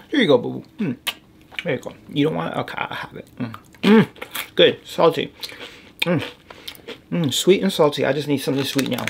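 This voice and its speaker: Deep-voiced American woman vlogger, casual mouth-full snack chat, noisy crinkly recording. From United States. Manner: chatty, talks while chewing, lots of mm sounds.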